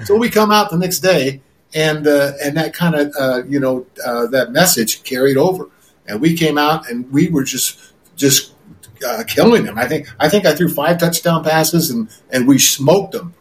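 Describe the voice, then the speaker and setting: An older man, a former quarterback, recalls his playing days in a relaxed interview, often repeating words and filling pauses. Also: a little high, poor audio. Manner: rambling, repeats words, many fillers.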